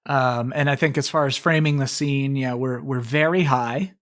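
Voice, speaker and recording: An easygoing man playing a tabletop role-play game in casual chat, hesitating often and quick to laugh. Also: medium pitch, a bit bright. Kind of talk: casual improvised storytelling.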